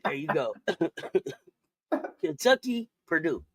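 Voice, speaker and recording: A woman's voice: low voice, sing-song, extremely slow, slightly rough. A woman co-hosting a casual live stream, giggling, laughing through her words and repeating phrases. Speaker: co-host.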